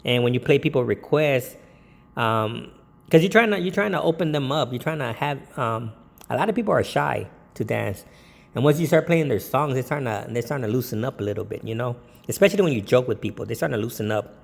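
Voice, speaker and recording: Man, DJ, casual rambling tips, gravelly voice, long reverb tail. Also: mid-range voice, expressive, fairly quick. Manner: rambling, with many ums and jokey put-on quotes. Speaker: DJ giving business tips. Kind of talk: casual talk to camera.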